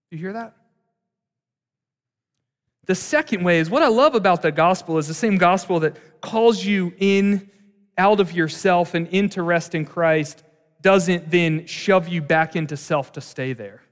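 Man preaching in a reverberant hall. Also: fairly high pitch. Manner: conversational, animated preaching with asides. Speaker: pastor. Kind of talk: sermon.

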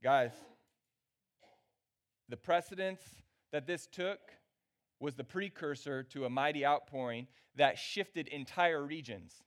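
A man's voice: on the high side, slow. Conversational male pastor preaching a sermon. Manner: conversational, checks in with the crowd. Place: church gathering.

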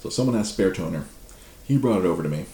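A man's voice: low voice, fast, echoey room. A man streaming, casually telling a rambling story to his live chat with many restarts. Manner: rambling, frequent restarts, laughs, lively.

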